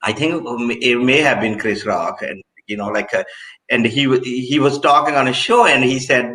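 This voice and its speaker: A man in casual conversation, telling anecdotes with animated retellings. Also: mid-range voice, normal speed, poor audio. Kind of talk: casual chat.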